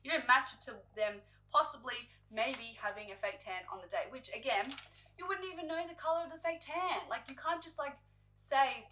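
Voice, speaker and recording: A woman's voice: sits high, normal speed, pushed and bright, slight background noise, rough recording. A young woman in her twenties telling a story to camera as a beauty vlogger, exasperated and chatty, heavy on filler words and acting out quotes.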